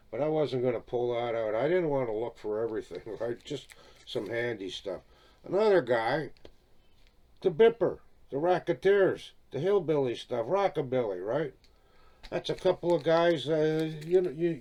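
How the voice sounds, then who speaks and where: Older guy rambling about his vinyl, chatty, keeps saying eh and right, middle-pitched voice. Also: a little mellow. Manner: rambling, chatty, peppered with "eh?" and "right?", chuckles often. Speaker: record collector showing his albums. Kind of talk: casual video chat about vinyl records.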